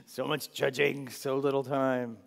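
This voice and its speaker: A man leads a Bible study for a room of listeners, talking loosely and laughing often as he goes. His voice has a medium pitch and carries a long hall echo. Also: level tone, measured pace, gravelly. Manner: chatty, laughs often, asks the room "right?". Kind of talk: casual classroom teaching. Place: large room with a group of listeners.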